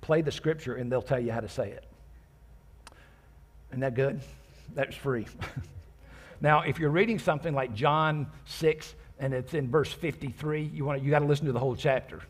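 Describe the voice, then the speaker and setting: Husky-voiced pastor preaching conversationally. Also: male voice, medium pitch. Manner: conversational, with joking asides to the congregation; reads scripture aloud and explains it verse by verse. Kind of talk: sermon.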